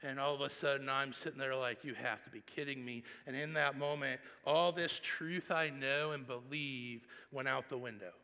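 Animated preacher with a gravelly voice. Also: male voice, medium pitch, moderate pace, few pauses, in a large hall. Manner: storytelling, swings from hushed to loud animated. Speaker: pastor. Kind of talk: sermon.

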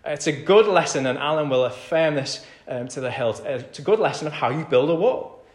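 A man preaching a conversational sermon in a church. He repeats key phrases and swings from hushed to loud. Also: a little high, expressive, brisk. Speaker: pastor. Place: church hall. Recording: echoey church hall.

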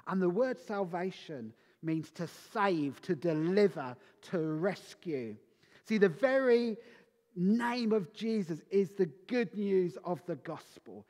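Slow high-voiced preacher in a reverberant hall. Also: male voice, lively intonation, a little mellow. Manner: slow, emphatic preaching with dramatic pauses. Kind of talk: Christmas sermon. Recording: long reverb of a large hall.

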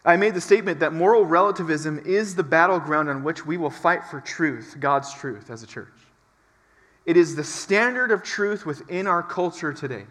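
Emphatic pastor, high bright voice. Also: male voice, moderate pace. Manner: emphatic, building repetition. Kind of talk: sermon. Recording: long reverb from a large hall.

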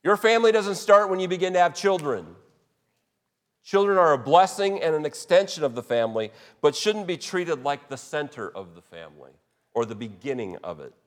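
A man's voice: fairly high pitch, expressive, moderate pace. A man preaching a sermon as pastor, earnest and emphatic, often restarting his phrases. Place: church sanctuary. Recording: long hall reverb.

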